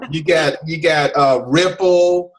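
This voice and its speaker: The recording is rough, and the American man's voice sits on the high side. Hosting a casual online hangout, he explains with many restarts and repeated "okay?" checks.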